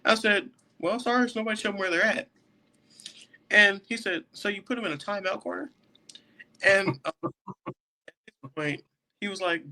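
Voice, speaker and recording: A man's voice: sits high, moderate pace, long pauses, sharp tone. A young man, a jail deputy and podcast guest, telling a story casually and laughing often as he goes. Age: young adult.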